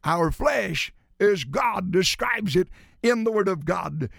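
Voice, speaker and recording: High gravelly preacher guy, big swings up and down, slow and dramatic, dry close sound. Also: expressive, no echo. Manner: emphatic, dramatic swings from shouts to low drops. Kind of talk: sermon.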